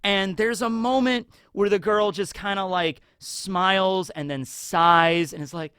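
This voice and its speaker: A man talking casually as a YouTuber about an anime special. He is excitable, rambling, and full of fillers and tag questions. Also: high-pitched, unhurried, smooth, no echo, clean studio sound.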